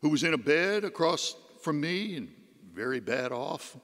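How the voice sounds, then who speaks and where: A man's voice: on the high side, lively intonation, moderate pace, a bit bright. A man, a deacon, giving a homily as a folksy personal story, his voice rising and dropping. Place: church. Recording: long church reverb.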